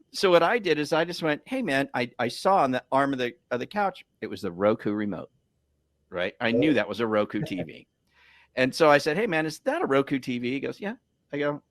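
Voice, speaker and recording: Man, loan officer, animated storyteller, casual chat, acts out quotes, dry close sound. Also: mid-range voice, brisk, no room sound.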